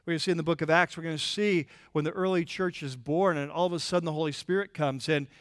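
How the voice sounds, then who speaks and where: A man preaching a sermon in a church, conversational and animated, with frequent restarts and filler words. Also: a little high, fast, no room sound, clean studio sound. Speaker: pastor.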